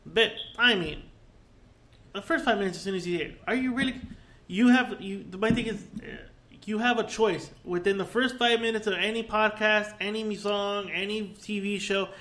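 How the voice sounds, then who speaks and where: A relaxed man with a slightly high voice chats on a casual podcast. He swears freely and often loses his thread, then picks it back up. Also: moderate pace. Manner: laid-back, swearing, trails off mid-thought. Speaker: podcast co-host. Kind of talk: casual drunk podcast chat.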